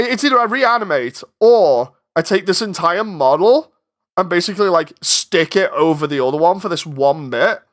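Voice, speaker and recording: A man's voice: sits high, a bit bright. A man chatting casually on a live stream while working on his animation, rambling, interrupting himself and getting exasperated.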